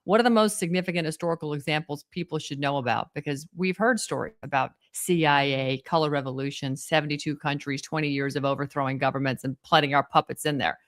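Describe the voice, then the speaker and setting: A woman hosting an interview, asking long animated questions. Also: low voice, fast, few pauses. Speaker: show host.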